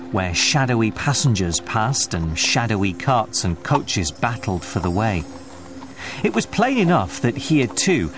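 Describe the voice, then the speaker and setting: A man giving an expressive, scripted narration of a classic story. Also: lowish voice.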